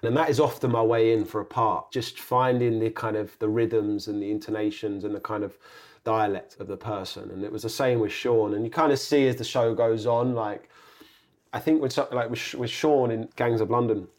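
A young man, an actor, chatting as a guest in a relaxed, rambling way that circles back on itself. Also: fairly low pitch, moderate pace. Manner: laid-back, rambling, self-correcting. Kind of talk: casual interview chat.

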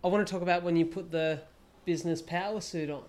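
A man's voice: sits high, steady tone, quick pace, a little mellow, slight background noise. A man hosting a podcast, chatting casually and enthusiastically with his guest, with the odd swear word. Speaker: podcast host. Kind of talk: casual interview chat.

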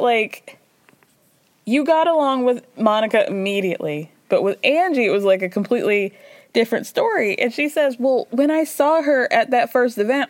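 A woman's voice: on the high side, no room sound. A woman hosting a podcast, recapping reality TV in a gossipy, storytelling way and acting out quotes. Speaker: podcast host.

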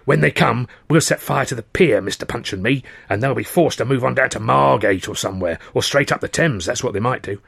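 A man voicing an excitable older seaside father who talks in urgent, conspiratorial bursts and jumps into high, fussy tones. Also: brisk, vocal fry, few pauses, breathy edge, dry recording, heavily acted. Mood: urgent, secretive.

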